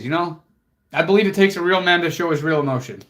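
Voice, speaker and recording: A young man with a slightly high voice talks straight to his livestream viewers. He is earnest and motivational, swears casually, and lets his emotion show as he speaks. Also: quick pace, fairly bright tone. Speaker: fitness coach and livestream host.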